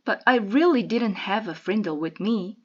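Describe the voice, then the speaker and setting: A woman's voice: mid-range voice, lively intonation, normal speed, slightly rough, lo-fi sound. A woman reading the lines of a bold young schoolboy who acts innocent and polite, from a storybook.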